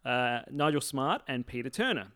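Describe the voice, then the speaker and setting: Australian man, podcast co-host, lively pitch, reads aloud with frequent laughs. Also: normal speed, clean tone. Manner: laughs often while reading passages aloud. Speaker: podcast co-host reading from a book. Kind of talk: casual podcast chat, reading aloud.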